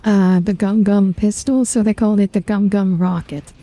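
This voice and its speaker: A woman with a deeply mellow, dark tone chats on a game stream. She lays out detailed trivia with confidence and firmly corrects others. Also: steady tone, moderate pace. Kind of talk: casual gaming stream chat.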